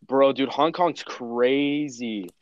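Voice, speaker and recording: A man's voice: medium pitch, takes it slowly, lo-fi sound. A young man chatting casually, telling rambling stories full of slang and swearing. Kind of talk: casual chat.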